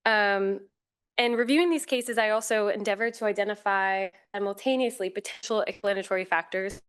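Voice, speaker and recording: A woman giving a formal, measured academic talk as a conference panel speaker, with occasional fillers and self-corrections. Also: mid-range voice, fairly even intonation, a bit bright, clean tone.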